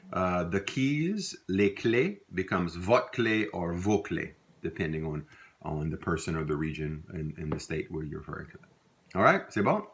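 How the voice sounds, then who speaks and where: Male teacher with a very low voice. Patient, repetitive delivery. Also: fairly bright tone. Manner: patient, repeats words slowly with many fillers. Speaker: language teacher. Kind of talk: recorded lesson.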